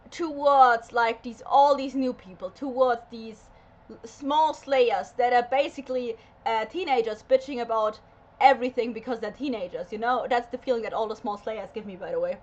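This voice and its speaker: Ranting woman with a high voice. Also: highs cut off. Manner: emphatic, swearing, lots of fillers. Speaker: reaction video host. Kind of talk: casual rant.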